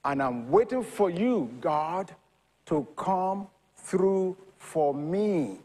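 A high-voiced male preacher who delivers his sermon slowly and deliberately, his pitch leaping up and down as he goes. He moves from hushed scripture reading to bursts of shouting. A long hall reverb trails after each phrase. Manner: lively preaching that swings from quiet reading to loud shouting.

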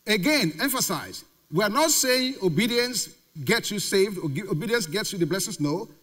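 Lively high-pitched man preaching a sermon. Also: moderate pace. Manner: emphatic preaching, repeats key words, rhetorical questions. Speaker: pastor. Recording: reverberant hall.

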